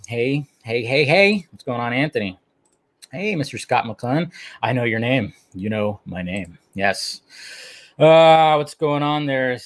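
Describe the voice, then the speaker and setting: A man hosting a livestream in loose, casual chat, greeting viewers by name and swearing now and then. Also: medium pitch. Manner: loose and chatty, reads out viewer names. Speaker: livestream host.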